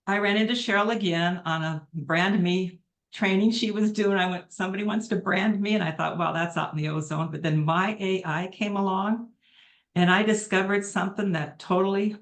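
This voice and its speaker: A middle-aged woman giving an emotional, earnest testimonial on a video call, speaking from the heart and rambling a little. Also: on the low side.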